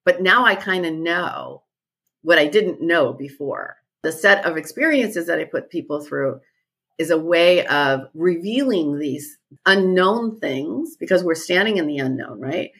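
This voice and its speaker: A woman's voice: on the low side, expressive, a little slow, fairly bright tone, husky. A woman guest who leads retreats, talking thoughtfully in a podcast conversation and repeating her key phrases.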